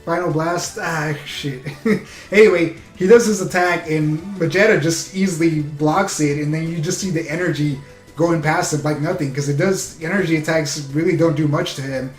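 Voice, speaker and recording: A man giving a casual, excited episode recap as a reviewer, rambling with lots of fillers. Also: on the high side, normal speed, reverberant, faint music behind. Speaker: anime reviewer.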